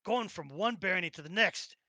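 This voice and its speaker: A man's voice: high-pitched, expressive, brisk, creaky, bright, forceful tone, no room sound, heavily acted. A man voicing a gossipy dockside trader with a put-on Brooklyn accent. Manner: chatty, laughing often.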